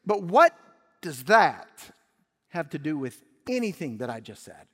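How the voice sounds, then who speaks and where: A man's voice: sits high, expressive, fairly quick, big-room sound, pitched above the performer's own voice. A man voicing a resentful grown older brother ranting indignantly at his father. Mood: exasperated. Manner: indignant, complaining, raised voice.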